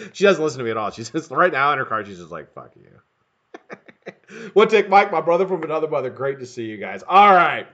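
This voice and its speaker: A man's voice: on the high side, fast. A man hosting a live stream, chatting casually and greeting viewers by name, cursing freely and laughing often. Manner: profane, excitable, laughing often, shouting names to greet viewers. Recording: dull lo-fi webcam audio.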